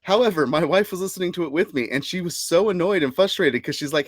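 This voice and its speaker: A man's voice: high voice, fast talker, few pauses, dry recording. Upbeat chatty podcast host, man. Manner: upbeat, chatty, frequent laughs and fillers. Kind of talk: casual live-streamed podcast chat.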